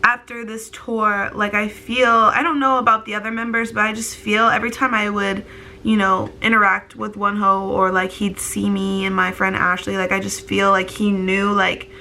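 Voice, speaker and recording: Bright-voiced young woman on the verge of tears. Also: mid-range voice, little pitch movement, moderate pace, slight background noise. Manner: filler-heavy, rambling, tearful. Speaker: vlogger. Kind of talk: casual storytelling to camera.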